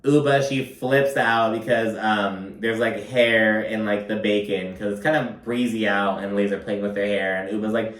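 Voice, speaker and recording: A man's voice: on the low side, fairly even intonation, normal speed, few pauses, a bit bright. A man casually recapping a reality show, gossipy and profane, peppering his talk with "like.". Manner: gossipy, profane, frequent "like" fillers. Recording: roomy, distant from mic.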